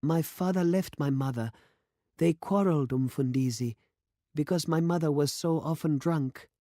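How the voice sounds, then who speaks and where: A man voicing a frightened, poor teenage girl in a story read aloud, lifting his voice high and thin. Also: moderate pace, warm tone, dry recording, clean studio sound, lightly acted. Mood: timid. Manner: high, strained voice put on.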